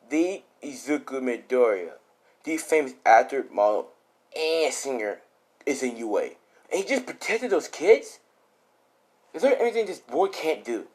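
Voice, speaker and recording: A man improvising a fan-made story out loud, rambling and full of fillers. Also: medium pitch, breathy edge.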